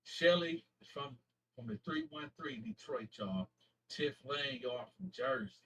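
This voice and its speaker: A man from Flint, Michigan, hosting his YouTube channel, casually shouting out viewers in slangy talk and stumbling over names as he corrects himself. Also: on the high side, huge pitch swings, gravelly, far from the mic, slight background noise, rough recording. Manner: slangy, halting name reading with self-corrections.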